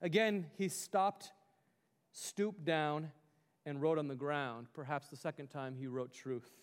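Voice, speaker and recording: In a fairly high voice, a male pastor preaches an earnest, exhorting sermon full of rhetorical questions, his words echoing with long reverb in a large hall. He speaks slowly and smoothly with fairly even intonation.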